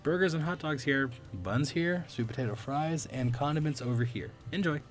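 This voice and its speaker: A man's voice: on the high side, normal speed, soft background music, voice pushed up, lightly acted. Man doing cheerful young woman cook, reassuring, light hostess voice, visual novel read-aloud.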